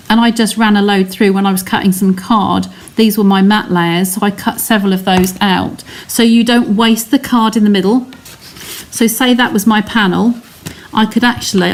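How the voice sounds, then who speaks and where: A woman's voice: mid-range voice, a little hiss or hum. An English woman giving a live card-making demonstration, chatting casually and narrating each step while answering viewers' comments. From England. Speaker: craft demonstrator.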